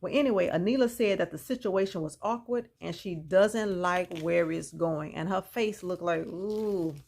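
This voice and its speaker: Gossipy lady doing a reality show recap, gravelly fry in her voice, super opinionated. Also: lowish voice, moderate pace, a little mellow. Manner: opinionated, chatty, mixes in reactions.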